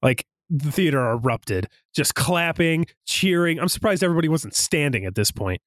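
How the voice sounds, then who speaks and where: Young male co-host, lively storyteller, lightly higher pitch, dry recording. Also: normal speed, dry recording. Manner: animated, acts out quoted lines. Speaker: podcast co-host. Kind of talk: casual movie recap chat.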